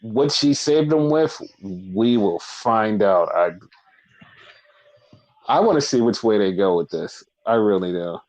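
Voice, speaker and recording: A man's voice: on the low side, lively intonation, takes it slowly, a little mellow, rough recording. A man co-hosting a wrestling podcast, telling the week's events in loose casual chat, full of fillers and swearing. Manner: loose, profane storytelling with lots of fillers.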